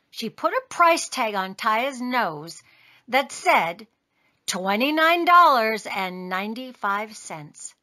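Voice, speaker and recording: High, bright, sing-song storybook woman. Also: big pitch swings, slow pace. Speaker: storybook reader. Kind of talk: children's read-aloud.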